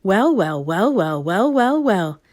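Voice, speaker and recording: A woman's voice: mid-range voice, very animated, takes it slowly, a little mellow, dry recording, studio quality. A woman voicing a wordy, rambling old male wizard who talks in fussy, roundabout phrases.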